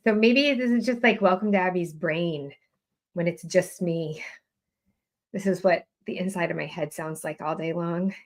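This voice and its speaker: A woman's voice: lowish voice, moderate pace. A woman hosting a live writing sprint stream, chatting casually and self-deprecatingly as she reads out viewers' updates.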